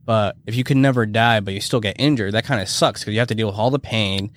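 A man's voice: fairly low pitch, quick pace, no room sound, studio quality. A man co-hosting a podcast in loose casual chat, rambling with lots of "like" and swearing. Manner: rambling, heavy use of "like" and swearing. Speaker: podcast co-host.

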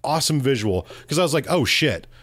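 A man co-hosting a podcast, telling a game story in casual chat, animated and swearing freely. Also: medium pitch, a little fast, no room sound. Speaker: podcast co-host.

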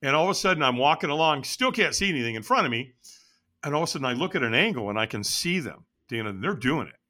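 A man tells a personal story as an interview guest, building it up dramatically. His voice is bright and swings widely in pitch. He draws the listener along through each turn of the story. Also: fast. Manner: animated, dramatic retelling.

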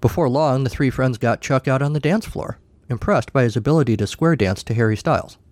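A man's voice: medium pitch, brisk, darkish tone, dry recording. A man narrating a comic short story in a wry, dry way.

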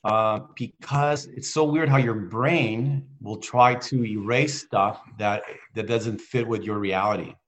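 Speaking in a fairly low pitch, a middle-aged video-call guest recounts a heartfelt personal story, earnest and halting, with many restarts.

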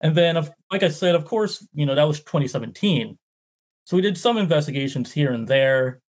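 A man, a guest on the show, telling a story in a casual, animated way with lots of "like". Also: fairly high pitch, a little fast. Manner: animated, filler-heavy "like". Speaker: guest explorer.

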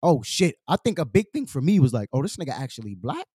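A man's voice: fairly high pitch, sing-song, fast talker, warm tone, husky, dry recording, studio quality. A young man with a New York accent, telling a story in casual podcast chat, slangy and profane, acting out quotes. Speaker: podcast host.

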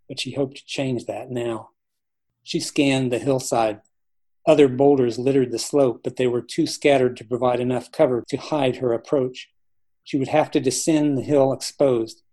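Male author narrating his own fiction, mellow tone, measured delivery. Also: mid-range voice. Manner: steady, measured storytelling. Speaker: author reading his novel. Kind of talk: audiobook-style narration.

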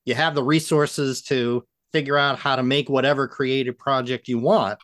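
A man interviewing two guests, asking measured, thoughtful questions. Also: mid-range voice, fairly even intonation, fairly bright tone, no room sound, clean studio sound.

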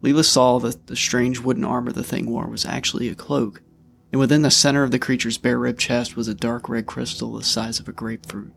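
A man reading a dark storybook aloud in a steady, measured way. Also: medium pitch, creaky. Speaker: narrator.

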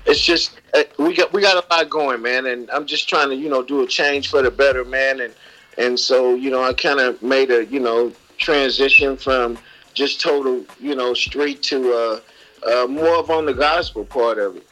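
On a low-quality line with soft music in the background, a man from the United States speaks at normal speed in a medium-pitched, fairly bright voice with fairly even intonation. A musician phoning in as a guest, he's relaxed and grateful, peppering his casual chat with "man."

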